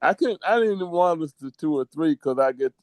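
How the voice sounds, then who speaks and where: A man's voice: a little high, expressive, quick pace, dry recording. A middle-aged man co-hosting a casual podcast over a video call, telling rambling, sentimental stories. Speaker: co-host.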